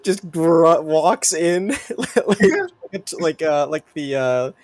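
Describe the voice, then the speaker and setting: Giggly player with a dry close sound. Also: male voice, fairly high pitch, takes it slowly, dry recording. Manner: giggly, breaking into laughs mid-description. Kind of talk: describing a character's actions in a tabletop game.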